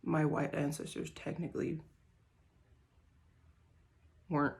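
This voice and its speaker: A woman singer-songwriter talking casually to the camera, soft-spoken and rambling, with many hesitant fillers. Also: low voice, level tone, takes it slowly, creaky.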